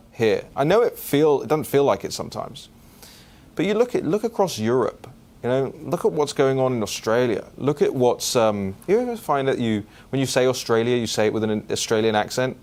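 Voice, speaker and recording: A male talk show host in an offhand, mocking monologue. His voice sits at an ordinary middle pitch but keeps leaping upward when he gets worked up, padded with ums and restarts. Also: a little mellow. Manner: casual and scornful, with fillers and sudden pitch jumps. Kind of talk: opinion talk show monologue, answering listener questions.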